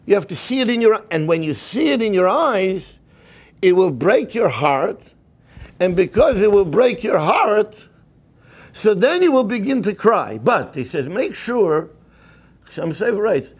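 Impassioned husky high-voiced man preaching. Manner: impassioned, stammering restarts, Hebrew and Yiddish terms. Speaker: speaker at a community program. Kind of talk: sermon-style lecture.

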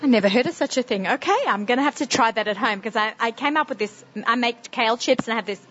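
A woman's voice: fairly high pitch, fast, fairly bright tone, a little hiss or hum. A middle-aged woman with a strong Sydney Australian accent, hosting a casual interview, chatty and laughing often. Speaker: radio show host. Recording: slightly muffled recording.

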